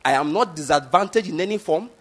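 A man's voice: on the high side, lively intonation, fast talker. A Nigerian man in his fifties preaching a sermon, emphatic and repetitive, often asking listeners if they follow. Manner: emphatic, repeats points, asks the audience if they follow. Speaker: pastor.

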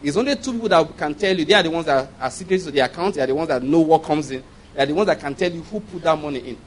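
Animated man preaching, fairly high voice. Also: rapid-fire, a little hiss or hum. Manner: animated, laughs often, acts out dialogue. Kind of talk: sermon.

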